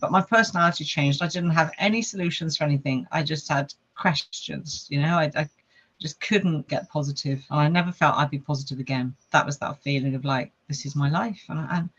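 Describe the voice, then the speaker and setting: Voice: mid-range voice, fairly quick, a bit bright, highs cut off. A podcast guest, telling a personal story in an earnest way and listing things with lots of repetition.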